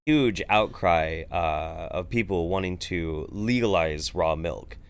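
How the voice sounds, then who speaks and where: Man, low voice, sarcastic livestream commentary, swearing, rambling. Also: slow pace, clean tone. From United States. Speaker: host reacting to a video. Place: home, Eugene area.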